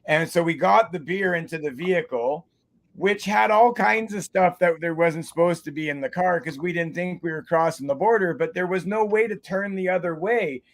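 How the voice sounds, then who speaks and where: A man's voice: sits high, normal speed. A man from Canada hosting a casual after-show chat, telling laid-back stories and laughing often. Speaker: show host. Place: home.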